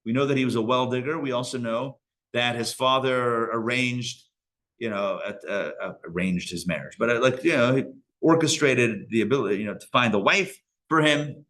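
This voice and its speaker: A man's voice: medium pitch, normal speed, a bit bright. A man teaching a live Torah class as a rabbi, casual and joking with frequent digressions. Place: synagogue learning center.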